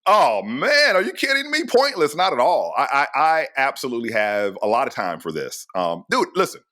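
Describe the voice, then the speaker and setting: Animated middle-aged man telling stories. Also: mid-range voice, normal speed. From United States. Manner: animated, slangy, storytelling. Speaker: astrophysicist guest. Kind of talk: casual storytelling in an interview.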